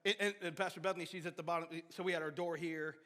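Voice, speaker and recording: A man preaching a sermon as pastor, animated, with sudden shouts and soft drops, often repeating and restarting words. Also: fairly high pitch, racing. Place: church sanctuary. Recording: long hall reverb of a church sanctuary.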